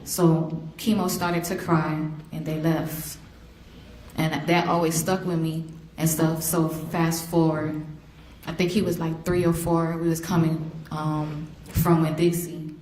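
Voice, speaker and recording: A woman speaking as a victim's mother in court, an animated storyteller who acts out the voices she quotes. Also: deep voice, slow pace. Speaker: victim's mother giving an impact statement. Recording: roomy courtroom, faint hiss.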